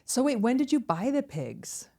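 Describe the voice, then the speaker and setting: A woman's voice: fairly high pitch, very animated, normal speed, gravelly, mellow. A woman hosting a podcast interview, cutting in with eager, encouraging questions. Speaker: podcast host. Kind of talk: casual interview chat.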